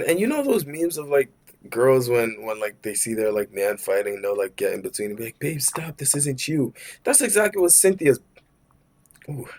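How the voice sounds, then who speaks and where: A young man telling a work story in a rambling, slangy storytime rant, cursing and saying "bro" constantly. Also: medium pitch. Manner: rambling, with many fillers and restarts.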